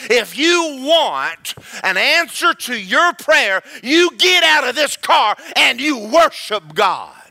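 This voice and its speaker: A man's voice: extremely high pitch, sing-song, pushed and bright, voice pushed up, exaggerated voice. Man voicing the Lord, stern and fatherly. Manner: stern, emphatic, measured.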